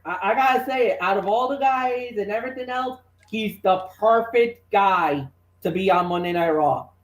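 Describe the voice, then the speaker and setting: A man co-hosting a wrestling talk show, excitable and rambling, with lots of restarts. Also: high-pitched, moderate pace, roomy sound. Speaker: wrestling podcast co-host. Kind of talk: casual chat.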